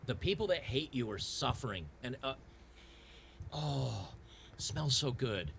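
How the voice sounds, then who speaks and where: Gravelly man ranting over gameplay. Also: medium pitch, lively intonation, unhurried, a bit bright, a little hiss or hum. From Tennessee. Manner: frustrated, repetitive restarts, sarcastic. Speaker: gaming channel host.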